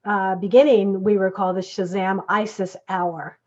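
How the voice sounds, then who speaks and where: A woman's voice: medium pitch, level tone, moderate pace, a little mellow. Lo-fi reminiscing woman guest. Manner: easygoing, reminiscing, affirming often. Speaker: guest, former TV actress and dancer. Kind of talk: casual interview conversation. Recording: dull lo-fi audio.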